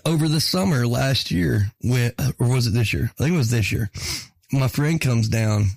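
A man's voice: mid-range voice, normal speed, vocal fry, a little mellow, no room sound. A man, telling casual stories on a podcast, swearing freely and laughing along as he goes. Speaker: podcast co-host. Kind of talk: casual profane storytelling.

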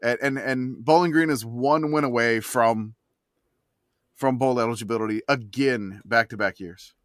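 A man's voice: mid-range voice, moderate pace, no room sound, clean studio sound. A man co-hosting a casual sports podcast, rambling with many restarts. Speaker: podcast co-host.

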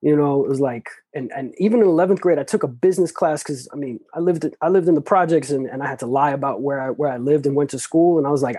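A man's voice: fairly high pitch, fast, hardly any pauses, mellow, slightly rough, dry recording, poor audio. A man in an interview, telling a personal story in casual, loose, profane talk full of restarts. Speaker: interview guest.

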